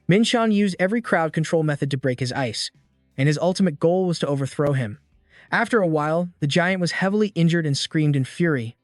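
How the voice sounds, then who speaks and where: A man reading a scripted story recap in a steady read-aloud way, barely changing his voice for the characters' lines. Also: fairly high pitch, fairly quick, no room sound, clean studio sound, faint music behind. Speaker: recap narrator.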